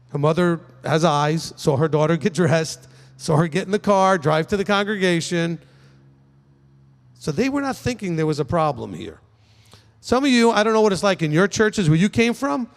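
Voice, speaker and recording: A man's voice: on the high side, big-room sound. A man teaching as a rabbi, speaking casually to a congregation and often checking in with "okay?". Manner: conversational, frequent "okay?" check-ins, emphatic. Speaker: rabbi answering questions.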